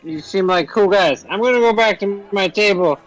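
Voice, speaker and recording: A man's voice: sits high, moderate pace, close to an everyday voice, rough recording. A man voicing a small, eager male goblin adventurer in a tabletop game who rambles and brags. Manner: rambling, eager and self-assured.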